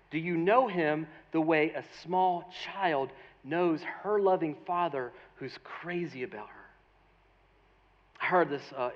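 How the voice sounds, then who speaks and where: Animated pastor, man, high voice. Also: dull audio. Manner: conversational, animated, storytelling with asides. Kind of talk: sermon.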